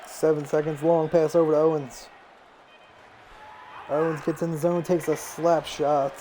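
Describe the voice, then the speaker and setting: A young man on a stream calls live play-by-play of a video game hockey match, rattling off passes and saves and getting louder and more excited on shots and goals. His voice is fairly high, with a little hiss or hum in the recording.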